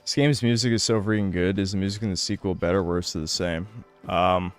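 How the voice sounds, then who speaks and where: A man's voice: deep voice, steady tone, brisk, faint music behind. Grumbling, foul-mouthed man streaming a game. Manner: grumbling and swearing, chatting to viewers. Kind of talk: casual live-stream commentary.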